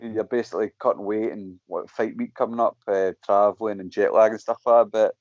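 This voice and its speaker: A man's voice: on the low side, a little fast, no echo, lo-fi sound. A Scottish man, a mixed martial arts fighter, chatting casually as a guest, telling stories with lots of swearing and acting out what people said. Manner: animated storytelling, frequent swearing, acts out quotes. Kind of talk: casual chat.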